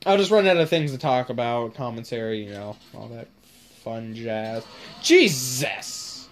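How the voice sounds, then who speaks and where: A woman's voice: a bass voice, expressive, measured pace, soft background music. A woman giving casual, sweary commentary while playing a zombie game. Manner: casual, swears often, drawls. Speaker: gamer. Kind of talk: gaming commentary.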